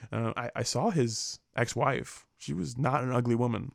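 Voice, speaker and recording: A man's voice: mid-range voice, normal speed, gravelly, dry recording. Young guy ranting over clips, swears a lot, laughs, dry close mic. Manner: rambling, profane, laughs often, does mocking voices. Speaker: commentary vlogger reacting to clips. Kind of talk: casual reaction commentary.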